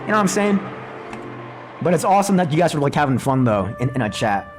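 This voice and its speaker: Excitable man streaming, lively swinging pitch. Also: fast, music in the background. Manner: excitable, profane, theorizing aloud. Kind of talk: live-stream visual novel playthrough commentary.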